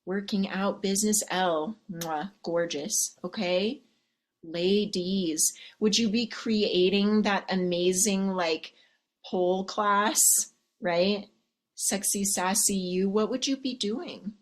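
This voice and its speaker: Sassy lady coach hyping up her viewers, swears a lot, talks nice and slow. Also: mid-range voice. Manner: sassy, teasing, profane, keeps asking "okay?". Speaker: love and life coach. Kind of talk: live-streamed pep talk to viewers.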